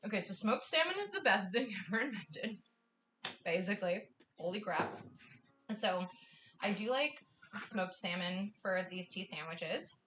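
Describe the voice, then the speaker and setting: A woman's voice: medium pitch, lively intonation, measured pace, fairly bright tone, a little hiss or hum. A young woman hosting a live cooking class, chatting with her viewers in an effusive, gushing way. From US Northwest. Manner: bubbly and effusive, gushing often.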